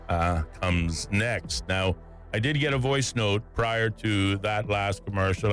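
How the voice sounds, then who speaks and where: A man's voice: lowish voice, a bit bright. A man hosting a radio talk show in a studio, chatty and joking at his own expense. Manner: chatty, joking and self-mocking.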